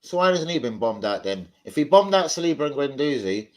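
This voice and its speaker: A man's voice: a little high, sing-song, brisk. Blunt man arguing on stream. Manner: blunt, swears freely, argues with chat. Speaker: live stream host. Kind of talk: heated live-stream football debate.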